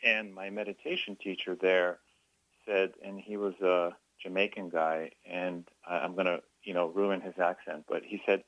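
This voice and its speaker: A man's voice: low-pitched, level tone, normal speed, fairly bright tone, dry recording, dull audio. A man, a guest author on a radio show, talking earnestly and thoughtfully, often restarting his phrases. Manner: earnest, reflective, with many restarts. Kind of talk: radio interview.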